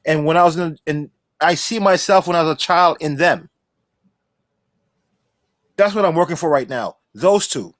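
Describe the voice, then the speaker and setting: A man co-hosting a livestream podcast, talking with passion and effusive excitement, often restarting his words. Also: fairly high pitch, normal speed, pauses often, dry recording, clean studio sound. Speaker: podcast co-host. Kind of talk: excited casual livestream chat.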